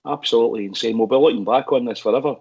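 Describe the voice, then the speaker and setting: An older man with a husky, raspy voice, talking emphatically and repeating himself. His voice comes over dull, lo-fi call audio. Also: medium pitch, very fast, a little mellow. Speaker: panelist. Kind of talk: casual chat.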